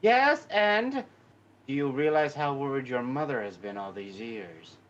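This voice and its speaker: A man's voice: medium pitch, expressive, unhurried, a bit bright, far from the mic. A man playing a tabletop game, bantering with the group. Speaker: player. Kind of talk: tabletop role-play banter. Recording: dull lo-fi mic.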